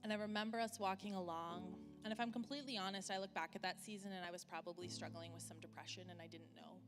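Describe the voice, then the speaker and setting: A woman in her thirties preaches in a church hall, telling a candid story in a conversational way. Her voice rings out with a long hall reverb, and music plays clearly underneath. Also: on the low side, fairly even intonation. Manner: candid, conversational, many fillers, slows for emphasis. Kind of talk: sermon with personal story.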